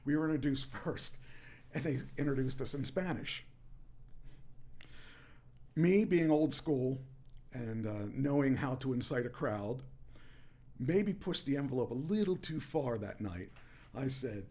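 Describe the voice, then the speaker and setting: A man, a former wrestler, telling stories in a casual podcast chat and rising into a loud promo voice when he quotes himself. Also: mid-range voice, measured pace, pauses often. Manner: animated, shouts into promo voice when quoting himself. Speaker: former pro wrestler guest. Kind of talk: casual storytelling.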